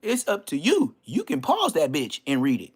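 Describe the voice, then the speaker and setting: A man's voice: fairly high pitch, wildly swooping pitch, moderate pace, slightly rough. A middle-aged man, boasting and taunting his critics in a vlog rant full of street slang. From Inglewood, California. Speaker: vlogger. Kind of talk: trash-talking vlog rant.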